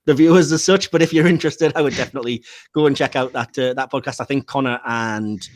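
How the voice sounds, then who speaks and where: A man's voice: mid-range voice, quick pace. A man hosting a casual film podcast, chatting freely, laughing often and trailing off with fillers. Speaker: podcast host.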